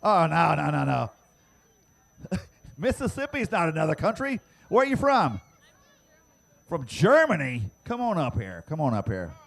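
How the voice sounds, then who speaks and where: A man announcing prize giveaways to the crowd at an outdoor dirt racetrack, teasing fans and shouting to get them to answer. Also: fairly high pitch, wildly swooping pitch, vocal fry. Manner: loud, teasing, drawn-out shouting. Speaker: track announcer giving away prizes.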